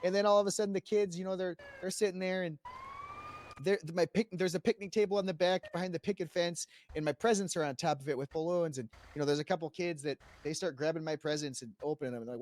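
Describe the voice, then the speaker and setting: A man's voice: a little high, fast, dry recording. Man in a wild, profane role-play rant. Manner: dramatic, profane storytelling swinging between hushed and loud. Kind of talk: in-character role-play monologue.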